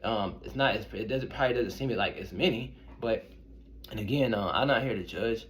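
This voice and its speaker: A man's voice: lowish voice, normal speed, fairly bright tone, a little hiss or hum. A young man, an intuitive reader, casually telling personal stories to his viewers in a rambling, conversational way. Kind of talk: casual storytelling to camera.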